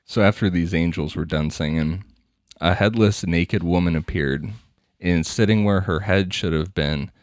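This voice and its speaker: A man's voice: low voice, normal speed, dry recording, clean studio sound. A man hosting a podcast, telling a crime story in a casual, crude, laughing way. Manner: laughing, crude, conversational narration. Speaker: podcast host.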